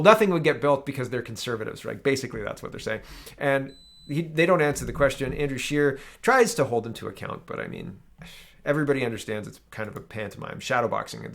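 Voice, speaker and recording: Gravelly canadian guy doing his politics show, reads headlines then rants sarcastically, kinda rambly. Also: medium pitch. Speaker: political commentary show host. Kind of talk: casual political commentary.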